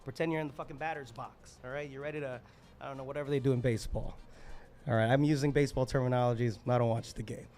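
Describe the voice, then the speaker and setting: A man hosting a live open mic, joking, swearing and hyping the crowd with loud, playful crowd work. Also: medium pitch, fairly even intonation, fast talker. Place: live poetry venue with an audience.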